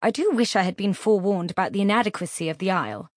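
A woman's voice: medium pitch, animated, fast, dry recording, close to an everyday voice. Woman doing a bossy drama-queen mum from an audiobook, haughty and clipped, very dry sound. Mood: imperious. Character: grand theatrical middle-aged mother, bossy and dramatic. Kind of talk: audiobook character voice.

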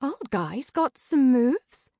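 A woman reads an audiobook, voicing a wry, teasing female ghost sidekick who delivers sarcastic quips in a raised voice. Her voice is higher and lively at normal speed, recorded dry with clean studio sound.

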